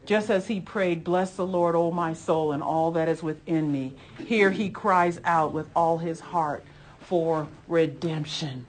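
A woman's voice: low voice, fairly even intonation, measured pace. A woman teaching a Bible lesson in a conversational sermon style, earnest and emphatic, repeating phrases with frequent asides to her listeners.

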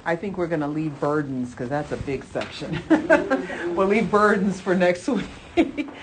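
A woman's voice: lowish voice, lively intonation, measured pace, background noise. Earnest woman leading a Bible study. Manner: earnest, repeats phrases, laughs often. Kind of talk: casual group Bible study discussion.

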